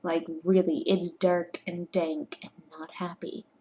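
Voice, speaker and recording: Fretful rambling young woman, creaky voice. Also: on the low side, little pitch movement, takes it slowly, mellow, slight background noise. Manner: rambling, fretful, drops into whispers. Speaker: vlogger reacting to a trailer. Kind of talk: casual reaction vlog.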